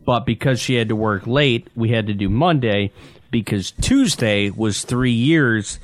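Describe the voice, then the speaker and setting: A male podcast co-host with a mid-range voice tells a story in plain, deadpan banter. His humor is dry and understated. The recording is close and dry. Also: mid-range voice, measured pace, no echo.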